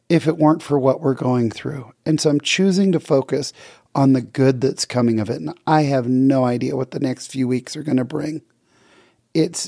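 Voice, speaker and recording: A man's voice: medium pitch, vocal fry, dry recording, studio quality. A middle-aged man hosting a podcast, sharing a heartfelt personal story in an earnest, casual way. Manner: earnest, heartfelt, with gentle laughs. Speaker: podcast host.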